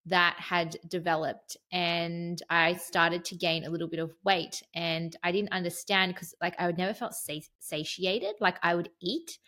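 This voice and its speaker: Low-voiced chatty woman podcast host. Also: fairly bright tone. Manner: chatty, candid, tangent-prone. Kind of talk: casual chat.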